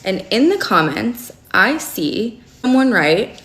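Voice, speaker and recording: A young woman telling a long personal story to camera in a casual, animated storytime vlog, full of fillers and asides. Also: mid-range voice, slow, reverberant. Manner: animated, chatty, frequent fillers. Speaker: storyteller recounting a relationship.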